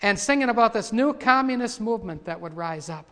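A man preaching a sermon. He builds from quiet asides to loud, fervent cries when he reads scripture. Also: high-pitched, expressive, brisk. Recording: long hall reverb.

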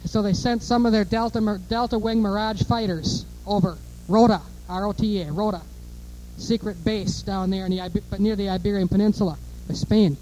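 Very high-voiced man preaching fervently. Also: steady tone, normal speed, slight background noise, poor audio. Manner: emphatic, repeats words, swings between asides and loud declarations. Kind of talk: fiery sermon.

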